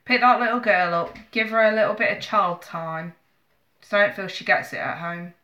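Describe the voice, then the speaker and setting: A woman's voice: medium pitch, moderate pace, pushed and bright, roomy sound, lo-fi sound. A woman giving a live tarot reading from home, speaking earnestly and emotionally to a viewer. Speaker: tarot reader.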